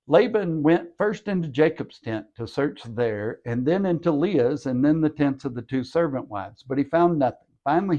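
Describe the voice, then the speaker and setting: A man's voice: mid-range voice, warm tone, dull audio. A man who hosts a podcast, reading a scripture passage aloud and breaking in with wry jokes. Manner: wry, joking asides. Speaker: scripture reader and podcast host. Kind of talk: bible reading with asides.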